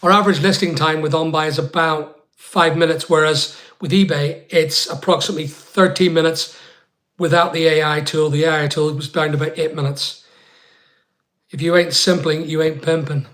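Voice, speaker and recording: A man's voice: a little high, steady tone, normal speed, fairly bright tone. A Northern Irish man hosting a live chat for online sellers. He rambles casually and talks straight to viewers by name as he answers their questions. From Northern Ireland.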